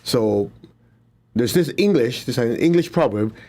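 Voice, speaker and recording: A man's voice: mid-range voice, lively intonation, normal speed, a little mellow. A middle-aged man teaching a spiritual healing session in a casual, chatty way, laughing often and making blunt asides. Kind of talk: casual spoken teaching with invocation.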